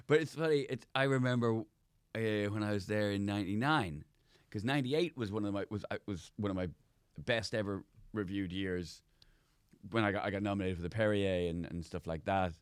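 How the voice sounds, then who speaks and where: A man's voice: lowish voice, moderate pace, long pauses, smooth, no echo, clean studio sound. A man, a comedian guest, telling rambling anecdotes with lots of restarts in a casual chat.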